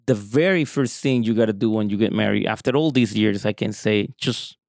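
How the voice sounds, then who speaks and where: A man's voice: on the low side, a little fast, gravelly, darkish tone, no room sound, clean studio sound. A middle-aged married man earnestly giving advice in a casual chat.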